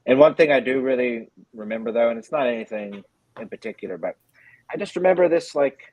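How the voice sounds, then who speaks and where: A man's voice: medium pitch, animated, fast, darkish tone, no room sound, rough recording. A man talking casually on a podcast, hesitant and full of fillers. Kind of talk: casual chat.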